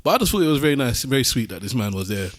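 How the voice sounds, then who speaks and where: A man hosting a podcast, telling a story in casual chat and jumping into high voices for the people he quotes. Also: sing-song, rapid-fire, no room sound, clean studio sound. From Britain. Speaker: podcast host.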